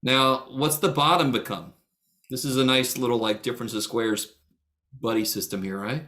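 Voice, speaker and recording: A man's voice: mid-range voice, normal speed, pushed and bright. A middle-aged man teaching a math class over a video call. He jokes, teases students by name and swears freely. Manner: joking, blunt, swears freely. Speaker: math instructor. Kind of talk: casual online lecture.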